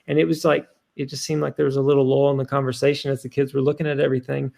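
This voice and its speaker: A man's voice: medium pitch, level tone, rapid-fire, gravelly, a little mellow. A man in his thirties, a podcast guest telling a story in an earnest, rambling way full of fillers.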